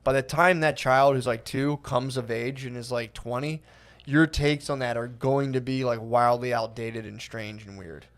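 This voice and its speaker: A man's voice: mid-range voice, fairly even intonation, normal speed, clean tone. Rambling man on a comedy podcast. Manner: rambling storyteller, heavy on "like" and "dude". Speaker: podcast co-host. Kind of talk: casual comedy podcast chat.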